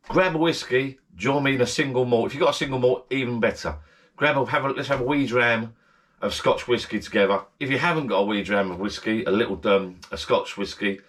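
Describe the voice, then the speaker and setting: This man's voice is medium in pitch and a little bright. He hosts a laid-back vlog from a bar in his backyard garden shed, chatting directly and warmly to viewers while rambling and repeating himself.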